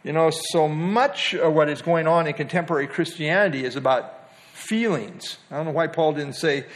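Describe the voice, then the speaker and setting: A man's voice: a little high, lively intonation, normal speed. A man leading a Bible study, teaching in a conversational way with many fillers and questions to the group.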